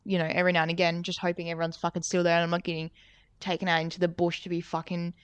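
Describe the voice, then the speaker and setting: A woman's voice: on the low side, completely flat delivery, very fast, smooth, dry recording. A young woman co-hosting a podcast, telling a story in a rambling, casual way, swearing often and saying "like" constantly. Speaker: podcast co-host.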